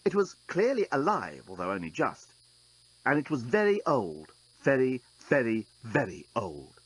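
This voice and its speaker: A man's voice: mid-range voice, wildly swooping pitch, a little slow, slightly rough, rough recording. A man narrating an audiobook in a dry, wry storytelling manner.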